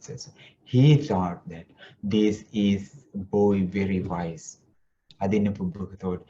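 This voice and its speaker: Slow, gentle man telling a sermon story. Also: deep voice, fairly even intonation, lo-fi sound, a little hiss or hum. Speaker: Buddhist monk giving a Dhamma talk.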